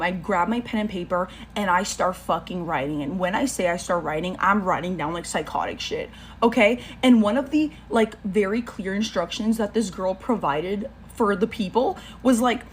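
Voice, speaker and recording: A woman's voice: medium pitch, a little fast, slight background noise. A young woman telling a storytime vlog, casual and profane, mocking herself and laughing as she goes.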